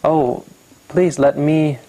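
A man's voice: a little high, fairly even intonation, slow, mellow, slight background noise, low-quality recording. A man voicing a grieving, guilt-stricken miser father who eagerly offers help in a told story.

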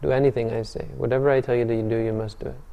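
A man's voice: mid-range voice, flat delivery, rapid-fire, creaky, muffled recording, close to an everyday voice. A man doing a playful seven-year-old novice.

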